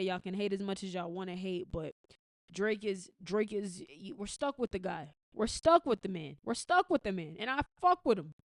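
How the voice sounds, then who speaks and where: A woman's voice: mid-range voice, dry recording. An American woman hosting a podcast, giving blunt, profane commentary in a casual, opinionated way with frequent restarts. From United States. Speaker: podcast host.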